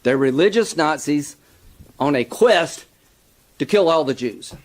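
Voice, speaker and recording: Forceful man giving a political speech. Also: a little high, expressive, measured pace. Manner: forceful, rising to emphatic outrage.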